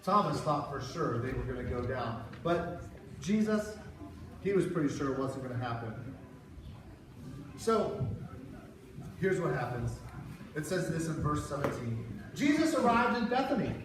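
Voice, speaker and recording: A man telling a Bible story to children as a children's pastor, acting out each character's lines. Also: medium pitch. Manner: animated, acts out the voices in the story. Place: church hall. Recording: echoey hall, far from the mic, with background noise.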